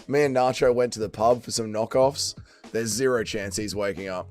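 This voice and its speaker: A faint bed of music plays as an Australian streamer talks in a lowish, slightly mellow voice with fairly even intonation and a moderate pace. Hungover in the sense of still being drunk and tired from a late night, he chats, swears, and jokes casually with his audience.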